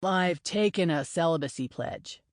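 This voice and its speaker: A woman's voice: on the low side, a little slow, dry recording, clean studio sound, lightly acted. Woman voicing brash young male player, cocky and joking.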